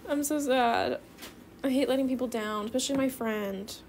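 A teenage girl chatting excitedly through casual gameplay commentary, bubbly and calling viewers bestie. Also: high voice, moderate pace, noisy background. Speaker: gaming video creator.

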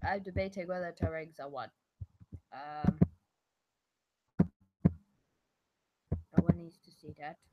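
A young woman with a hoarse, ill voice, chatting casually and self-deprecatingly while she draws. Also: low-pitched, takes it slowly, long pauses, no echo, highs cut off. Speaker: vlogger drawing on stream. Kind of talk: casual solo commentary while drawing.

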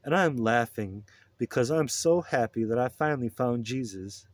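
A man voicing a crude, burned-out male drifter who is laid-back and profane, with a higher, loose drawl. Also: animated, moderate pace, close to an everyday voice. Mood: scornful.

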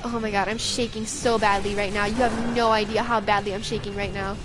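A woman's voice: mid-range voice, level tone, fairly quick, over music. A young woman streaming a game, giving frantic, profane, jittery commentary.

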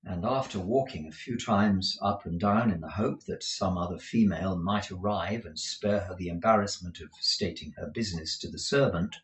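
A man reading a classic novel aloud, in a measured, expressive storytelling manner, with a few explanatory asides. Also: low voice. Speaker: narrator. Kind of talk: audiobook reading with commentary. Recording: roomy echo.

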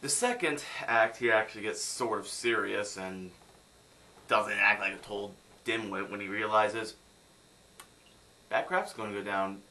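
A man's voice: fairly low pitch, fairly even intonation, measured pace, pushed and bright. A young man from the United States ranting sarcastically in a film review vlog.

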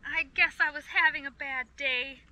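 A woman's voice: high-pitched, fairly even intonation, normal speed, bright, forceful tone, pitched above the performer's own voice, low-quality recording. A woman doing a sheepish little fox. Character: small, apologetic male fennec fox.

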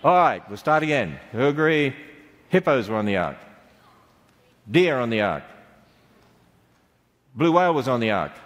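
A middle-aged Australian man gives a playful church talk to children, quizzing them on the answers. His voice is medium in pitch and fairly bright, with big pitch swings, a measured pace, and frequent pauses. The large church hall adds a long reverb.

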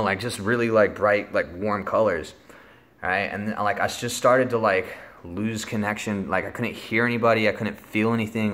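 Young male vlogger, low and bright voice, loose rambling storyteller. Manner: rambling, lots of filler words and swearing. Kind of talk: casual storytelling.

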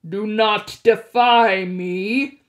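A woman voicing a menacing male god of the underworld for a storybook read-aloud, drawing out each threat slowly. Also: mid-range voice, steady tone. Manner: slow, drawn-out threats.

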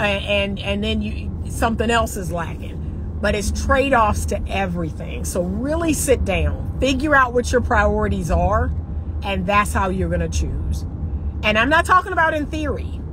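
A sassy woman over forty coaches her listeners with preachy, repeated punchlines. Her voice sits fairly high. The recording has clear background noise. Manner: sassy, preachy, repeats phrases for emphasis, acts out little dialogues. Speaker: relationship coach. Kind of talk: straight-talking advice monologue.

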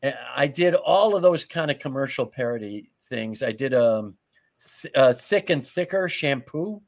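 Animated man telling comic stories. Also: medium pitch, normal speed. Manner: laughs through his stories, acts out lines. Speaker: guest, comedy writer. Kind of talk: animated anecdotal storytelling.

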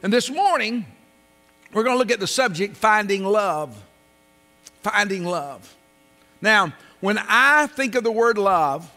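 A man preaching a sermon, his fairly high voice ringing through a big reverberant church hall. He reads scripture slowly and with force, then drops almost to a murmur when he prays. A low mains hum sits under the recording. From came to North Carolina at seventeen. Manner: emphatic preaching, swelling loud on scripture and dropping soft in prayer. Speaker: pastor. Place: church sanctuary.

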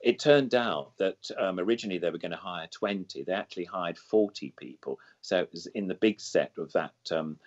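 Older male guest, deep voice, enthusiastic rambling storyteller, muffled lo-fi audio. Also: brisk, few pauses. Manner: enthusiastic, heaps on superlatives; digressive, loses then regains the thread. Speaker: guest puppeteer. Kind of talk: reminiscing interview chat. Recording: dull lo-fi sound.

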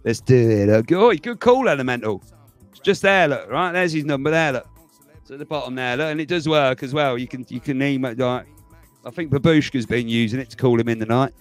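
A man's voice: mid-range voice, fairly quick, soft background music. A man hosting a livestream, chatting casually to viewers, rambling and laughing as he goes. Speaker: livestream host.

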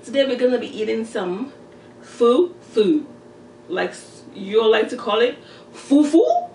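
A woman's voice: a little high, a little slow, darkish tone, distant mic, slight background noise. Playful Nigerian woman, echoey and off-mic. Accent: Nigerian Yoruba. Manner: playful, chatty, talks straight to viewers. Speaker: mukbang host. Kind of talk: casual eating-show chat. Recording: roomy echo, voice off-mic.

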